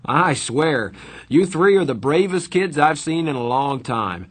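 A soothing, earnest grown man who talks an injured boy down with steady kindness, as a male reader puts him on. His voice sits noticeably higher and fuller than the narration around it, with a husky edge. He sounds like a figure in a spoken storybook. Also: a little slow. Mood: admiring. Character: kindly adult man, calm reassuring teacher type.

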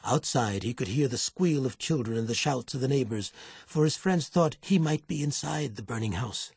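Male audiobook narrator, raspy voice, dry booth sound, even delivery. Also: medium pitch, moderate pace, no echo. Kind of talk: scripted narration.

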